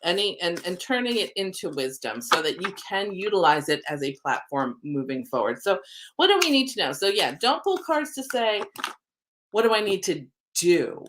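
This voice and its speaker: A woman's voice: lowish voice, sing-song, normal speed, background noise. Chatty woman host, oracle card reader, upbeat and rambling on a livestream. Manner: chatty, rambling, frequent ums; spiritual, upbeat. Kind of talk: live-streamed card reading.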